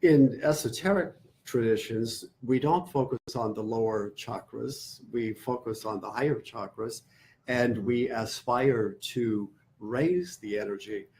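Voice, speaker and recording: A man teaching meditation at a very slow, measured pace. He often repeats a word while he searches for what comes next. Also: mid-range voice, a little mellow. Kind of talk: class lecture.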